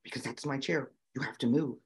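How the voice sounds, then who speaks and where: A woman's voice: extremely low pitch, fairly quick, a little mellow, slightly rough, exaggerated voice. A woman doing a huge stubborn young man. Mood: insistent.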